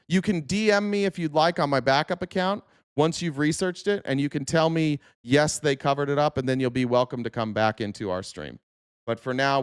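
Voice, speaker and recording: A man's voice: medium pitch, smooth, no echo, studio quality. A man ranting angrily on a political livestream, profane and confrontational with his chat. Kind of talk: heated livestream rant.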